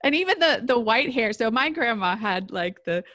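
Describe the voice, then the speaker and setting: A woman's voice: a little high, animated, moderate pace, fairly bright tone, no room sound, studio quality. A woman hosting an interview podcast, talking in a reflective, affirming way and asking open questions. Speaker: podcast host. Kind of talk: interview conversation.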